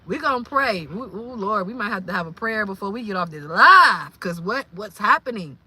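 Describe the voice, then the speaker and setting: A woman from Louisiana, hosting a casual livestream and talking in an animated, exclamatory way. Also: mid-range voice, moderate pace, hardly any pauses, husky, dry recording. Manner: animated, exclamatory, incredulous, laughing often. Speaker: livestream host.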